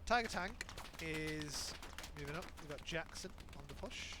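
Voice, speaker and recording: A man calls a live online shooter match in fast, excitable play-by-play, stumbling and correcting himself as the action unfolds. His voice sits a little high for a man. Steady in-game gunfire and battle ambience run underneath him. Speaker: game commentator. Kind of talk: live esports commentary. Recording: noisy with gunfire in background.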